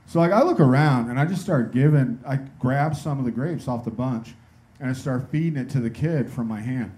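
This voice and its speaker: A male stand-up comedian telling a story on a comedy club stage in an incredulous, lively way. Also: medium pitch, fairly quick.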